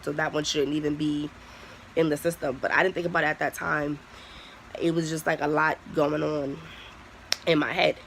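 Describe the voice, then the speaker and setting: A young adult vlogger talks straight to camera in a loose storytime style, blunt and full of swearing. The voice has a gravelly, creaky edge and sits in a middle pitch. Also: fairly even intonation, normal speed, pushed and bright, slight background noise, low-quality recording. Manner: candid, profane, heavy use of "like". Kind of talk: casual storytime vlog.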